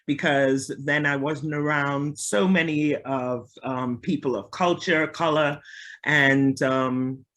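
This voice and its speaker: A woman from Liverpool with a softened Liverpool accent, a guest musician chatting casually in an interview. She talks easily, laughs often and trails off with ums. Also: deep voice, fairly even intonation, slow pace. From Liverpool, England.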